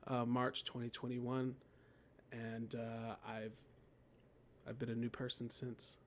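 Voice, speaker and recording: A man's voice: medium pitch, slow pace, slight background noise. A man in his thirties, a guest in an interview, telling a personal story in a casual way, often laughing and quoting his own thoughts. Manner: laughs often, animated storytelling with quoted inner voices. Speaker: guest, poet and death doula.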